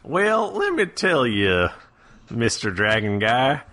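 A man plays a simple country villager in a Southern drawl, rambling and roundabout in his telling. His voice is bright and swings lively in pitch. A tabletop game character. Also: takes it slowly, heavily acted. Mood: folksy. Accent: put-on Southern US drawl. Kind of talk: tabletop role-play.

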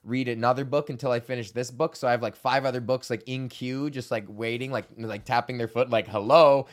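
A man's voice: mid-range voice, fairly even intonation, a little fast. A young man from Canada hosting his own podcast, rambling casually while stoned, swearing a lot and laughing often. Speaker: podcast host.

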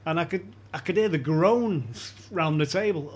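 A man's voice: on the high side, animated, normal speed. A man as a podcast guest, telling anecdotes in casual chat and chuckling often as he talks.

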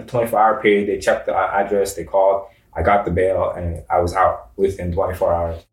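A man with a low voice tells his story casually, acting out dialogue with plenty of fillers. He sounds set back from the mic in an echoey room. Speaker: interview guest telling his story. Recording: roomy, distant mic.

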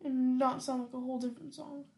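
A woman's voice: high-pitched, level tone, quick pace, gravelly, a little mellow. A woman hosting a podcast, chatting casually about a song in a hesitant, giggly way that often trails off. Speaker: podcast host. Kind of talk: casual music reaction chat.

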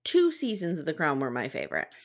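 A woman hosting a podcast recap in relaxed, casual conversation. Her voice moves all over its range as she talks animatedly, often breaking into laughter. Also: low-pitched, fairly quick. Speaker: podcast host.

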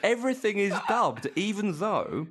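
A man talking about a film in a casual podcast chat, lively and full of restarts. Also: high voice, moderate pace. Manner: animated, with many restarts and laughs. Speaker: podcast co-host.

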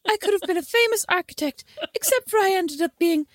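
An Irish woman co-hosting a podcast, telling stories in an animated, jokey way. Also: very high voice, fast talker. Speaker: podcast co-host. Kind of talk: casual chat.

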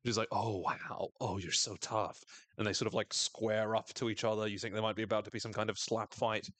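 A man's voice: lowish voice, fast talker, dry recording. Guy on a podcast recapping a show, jokey, does silly voices for the characters, dry close mic. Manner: animated, jokey, acts out quoted characters in exaggerated voices. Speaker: podcast co-host. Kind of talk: casual TV recap chat.

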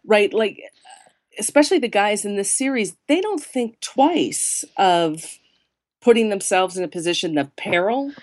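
A woman's voice: mid-range voice, expressive, unhurried, no echo, clean studio sound. A woman author being interviewed, chatting casually and joking about herself, with plenty of ums and you-knows. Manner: chatty, self-deprecating, lots of fillers. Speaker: guest author.

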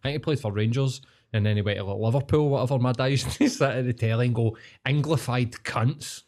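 Sweary Glaswegian podcast co-host. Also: male voice, mid-range voice, racing, a little mellow. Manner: sweary, anecdotal storytelling. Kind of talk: casual chat.

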